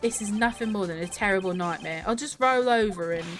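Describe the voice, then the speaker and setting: A woman voicing a haughty, sleepy male prosecutor in a low, dry, grumbling voice. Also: brisk, soft background music, lightly acted. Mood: grumpy.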